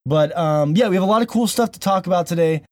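A man's voice: sits high, fast talker, no echo. A man hosting a casual podcast, joking and laughing often. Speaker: podcast host.

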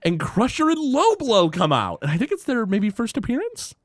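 A man's voice: very high-pitched, dry recording. Guy chatting about a cartoon ep, lots of uhs, jumps into little impressions, dry sound. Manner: animated retelling with quick quoted impressions, frequent fillers. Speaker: podcast host. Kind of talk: casual chat recapping a cartoon episode.

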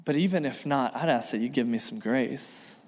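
A man's voice: mid-range voice, normal speed, a little mellow. A male pastor giving an earnest sermon, repeating key phrases and acting out bits of dialogue. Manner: earnest, repetitive preaching with acted dialogue. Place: church sanctuary. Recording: long reverb of a church hall.

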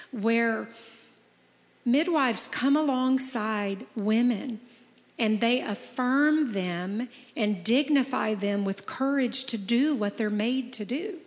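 A woman's voice: a little high, in a large hall. A woman in her fifties, hosting a podcast, talking in an earnest, encouraging way and telling personal stories. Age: 50s. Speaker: podcast host. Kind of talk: casual heartfelt chat.

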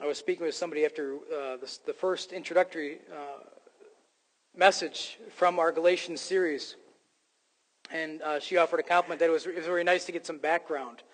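An emphatic man preaching, his voice pitched high and full of restarts and fillers as he presses his point. His voice rings out with the long reverb of a large hall. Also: fairly even intonation, brisk. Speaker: pastor. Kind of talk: sermon.

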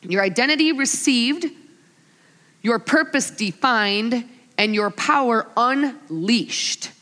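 A woman in her forties preaching a sermon to a live gathering, an animated storyteller who acts out her family's lines. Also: on the high side, takes it slowly. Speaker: women's ministry speaker. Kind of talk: sermon with humorous stories. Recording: long hall reverb.

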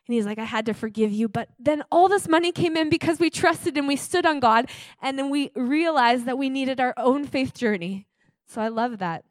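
Woman, church speaker, casual testimony, eager and rambling, slightly high voice, dry close recording. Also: normal speed, no room sound. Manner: enthusiastic, chatty storyteller with many fillers.

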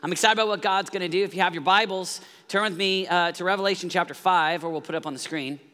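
Guest pastor, man, 40s; energetic sermon, urges congregation responses; reverberant church hall. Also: sits high, fast.

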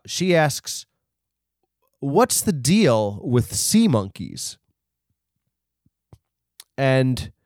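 A man's voice: on the low side, smooth, no echo, clean studio sound. A man hosting a comedy podcast, rambling through a bit with lots of ums and restarts. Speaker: podcast host.

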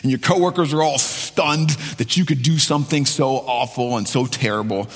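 A man's voice: medium pitch, moderate pace, slightly rough, big-room sound. A male pastor preaching a sermon emphatically, repeating key phrases for weight.

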